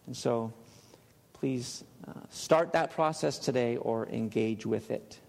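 A male pastor preaching a sermon in a church, emphatic and dropping to a hush on key words. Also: mid-range voice, takes it slowly, creaky. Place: church sanctuary. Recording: long hall reverb.

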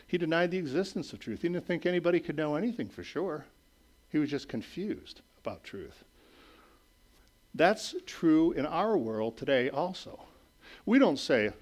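A middle-aged man preaches with a slightly higher voice than most men, keeping it conversational and often checking in with his listeners. He builds up to raised, emphatic points, then drops to low, quiet asides. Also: sing-song, normal speed. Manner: conversational preaching, frequent "okay?" and "right?" checks. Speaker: pastor. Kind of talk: sermon.

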